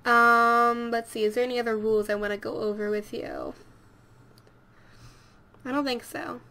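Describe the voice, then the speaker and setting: Woman host for gameplay commentary: high voice, rambling and self-correcting, casual tone. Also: big pitch swings, moderate pace, vocal fry, bright, forceful tone. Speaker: let's play host.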